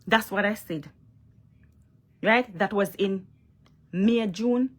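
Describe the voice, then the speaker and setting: A young woman with a Jamaican accent speaks directly to the camera in a casual vlog, her voice medium in pitch and slow. She's emphatic and repeats herself, often checking in with "you understand?"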